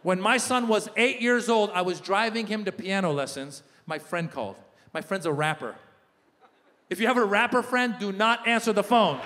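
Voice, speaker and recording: A middle-aged man doing an animated stand-up comedy set, acting out the voices of people in his stories. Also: high-pitched, normal speed. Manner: animated storytelling, acts out voices of others. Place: large theater stage. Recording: live hall reverb with audience ambience.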